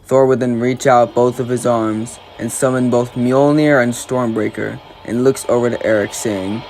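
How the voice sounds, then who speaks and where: A man narrating a fan retelling of a superhero story in steady play-by-play fashion. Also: mid-range voice, moderate pace, faint music behind.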